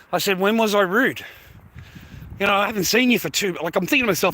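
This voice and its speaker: A man's voice: sits high, fast, sharp tone. An Australian man ranting to his stream viewers in a rambling, sweary, blokey way. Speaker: livestreamer.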